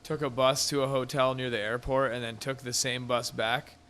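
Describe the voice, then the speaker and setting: A man's voice: mid-range voice, flat delivery, moderate pace, a bit bright, clean tone. A man talking casually at a bar venue, rambling and swearing freely as he riffs. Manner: profane, rambling, riffing. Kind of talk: casual chat.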